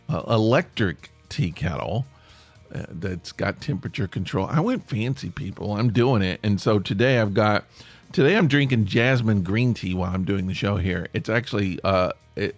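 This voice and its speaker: A man's voice: lowish voice, gravelly. A man hosting a podcast, rambling on in a chatty way with playful asides. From United States. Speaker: podcast host. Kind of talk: casual solo podcast monologue.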